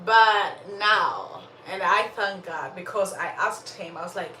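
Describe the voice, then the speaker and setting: A woman's voice: medium pitch, takes it slowly, echoey room. Lady telling a faith story, talks right at her listeners, far from the mic, faint hiss. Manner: animated, laughs often, talks straight to listeners. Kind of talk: faith-based storytelling with life lessons.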